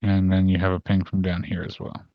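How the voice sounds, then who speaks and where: A man running an online tabletop game as game master, talking in a relaxed, rambling way with many fillers. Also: deep voice, a little fast, no room sound, muffled recording.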